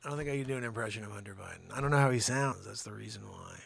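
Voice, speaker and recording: A man's voice: on the low side, animated, very fast, creaky, fairly bright tone, breathy edge, dry recording. A man hosting a comedy news show, reading headlines and riffing with jokes. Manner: joking, riffing between news lines.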